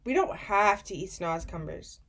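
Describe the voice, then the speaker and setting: A woman's voice: on the low side, expressive, a little slow, gravelly, fairly bright tone, full character voice. A woman doing a polite, curious little girl. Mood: earnest. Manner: earnest and questioning. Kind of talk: audiobook reading.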